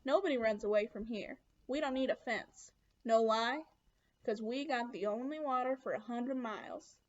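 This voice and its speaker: A woman's voice: on the high side, normal speed, highs cut off, natural voice. A woman reading aloud as a harsh, mocking adult male camp guard who talks in blunt, taunting lines.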